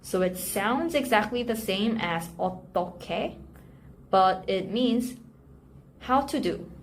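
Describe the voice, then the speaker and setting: A woman teaching a language lesson, repeating example sentences slowly and carefully before translating them. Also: on the high side. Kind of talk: slow, clear language lesson. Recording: faint background noise.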